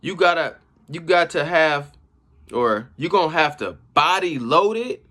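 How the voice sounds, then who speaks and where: A man giving casual, slangy commentary on rap battle bars. He reacts with laughs and shouts as he explains each line. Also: on the high side, expressive, measured pace. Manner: slangy street talk. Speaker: battle rap breakdown host.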